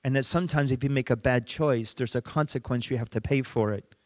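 A middle-aged man preaches in an easy, conversational storytelling manner, with a voice sitting at an ordinary middle pitch. He drops his voice low and soft to press a point home. The sound is close and dry, with no room around it. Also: a little fast, no echo. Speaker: pastor. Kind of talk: sermon with storytelling.

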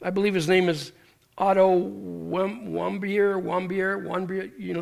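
A man's voice: high voice, gravelly. A man preaching a sermon, telling stories animatedly and acting out the people in them, with frequent restarts. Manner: animated storytelling with acted quotes and restarts. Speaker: pastor.

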